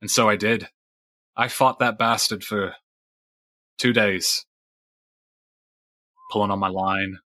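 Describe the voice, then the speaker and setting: A man voicing a grizzled old one-legged male fisherman who talks gruff and blunt. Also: on the low side, fairly even intonation, slow, long pauses, sharp tone, no room sound.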